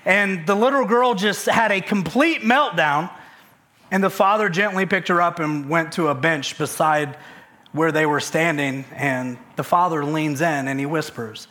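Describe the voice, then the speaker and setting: High, bright-voiced energetic preacher man. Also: unhurried. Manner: energetic, conversational, many fillers and restarts. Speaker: pastor. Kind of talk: sermon.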